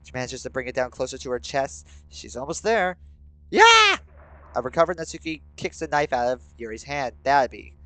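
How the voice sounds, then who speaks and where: A young man streaming and reading a game story aloud, shifting between steady narration and sudden excited, swearing outbursts. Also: mid-range voice, brisk, hardly any pauses, dry recording, low-quality recording. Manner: reads narration in a steady, subdued voice.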